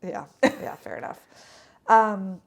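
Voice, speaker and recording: A woman's voice: mid-range voice, lively intonation, takes it slowly, vocal fry. A young woman telling a rambling travel story on a casual podcast, with lots of fillers and restarts. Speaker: podcast co-host.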